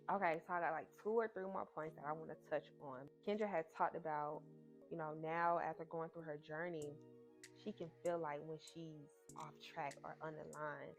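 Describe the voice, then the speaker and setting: Low-voiced woman vlogging. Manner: expressive, repeats herself, addresses viewers as "y'all". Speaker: vlogger reviewing a podcast. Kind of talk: casual heartfelt chat to viewers.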